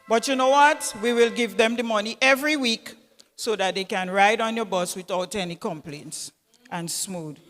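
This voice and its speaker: A man playing a loud, exasperated mother scolding her children on a stage. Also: high voice. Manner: loud, exasperated, repeats herself. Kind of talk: stage comedy skit. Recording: reverberant hall stage sound.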